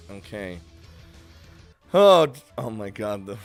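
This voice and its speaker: A man's voice: lowish voice, big pitch swings, extremely slow, gravelly, pauses often, soft background music. A man giving casual game commentary with laughing, self-deprecating asides. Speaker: gaming commentator.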